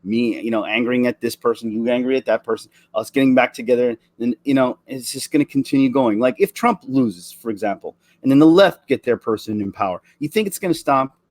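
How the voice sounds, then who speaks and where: A man's voice: mid-range voice, a little mellow, no echo. Earnest man ranting, dry sound. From Canada. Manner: earnest, emotional, halting with many restarts. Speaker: vlogger. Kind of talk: impassioned opinion rant.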